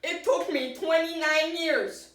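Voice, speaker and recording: A boastful talk-show guest, as a woman puts him on, speaks in a high voice at an unhurried, drawn-out pace. The put-on rambles deadpan through absurd tales. It sounds caught from across an echoey room, well away from the mic. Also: far from the mic, full character voice. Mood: rambling deadpan. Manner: rambling, deadpan, breaks into giggles. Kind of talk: improvised comedy sketch.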